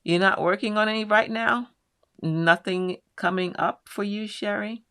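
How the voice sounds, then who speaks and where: A woman's voice: mid-range voice, fairly even intonation, a little slow, pushed and bright, smooth, dry recording, clean studio sound. A middle-aged woman hosting a live quilting show, chatting casually as she reads out viewers' comments and answers them one by one.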